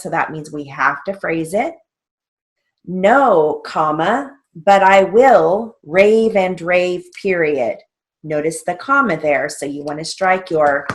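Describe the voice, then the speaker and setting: A woman teaching a stenography theory lesson, dictating drill sentences carefully and spelling out strokes letter by letter. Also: deep voice. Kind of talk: instructional lesson.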